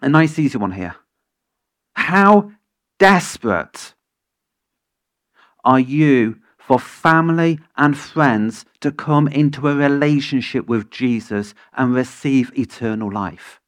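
A man's voice: mid-range voice, lively intonation, slow pace, fairly bright tone. A man preaching an impassioned sermon as pastor, firing questions at the congregation. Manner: impassioned, rising to emphatic peaks, asks the congregation many questions.

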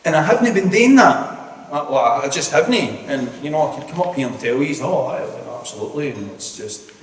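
A man's voice: a little high, lively intonation, brisk. A man giving an earnest, rambling testimony as a lay preacher, often breaking off and restarting. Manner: earnest, rambling, self-interrupting. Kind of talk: sermon testimony. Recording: echoey hall, distant mic.

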